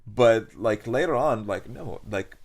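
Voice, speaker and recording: Young man, Iraqi-born, Arabic accent, casual chat, animated storyteller full of fillers, lowish voice. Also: a little slow. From Iraq. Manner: animated, laughs often, many fillers and restarts. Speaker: podcast guest. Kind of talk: casual conversation.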